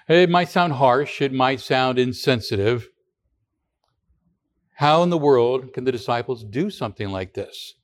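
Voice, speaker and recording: A man's voice: medium pitch, moderate pace. A male pastor preaching a sermon in a conversational way, asking the congregation rhetorical questions and restarting words now and then.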